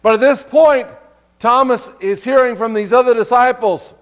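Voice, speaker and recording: High-voiced man preaching conversationally. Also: moderate pace. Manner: conversational preaching with rhetorical questions, reading scripture aloud. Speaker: pastor. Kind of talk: sermon.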